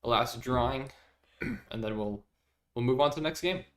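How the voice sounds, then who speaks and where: A man's voice: mid-range voice, moderate pace, a bit bright, slight background noise. A young man streaming live, chatting casually with viewers, reading their messages aloud and laughing often.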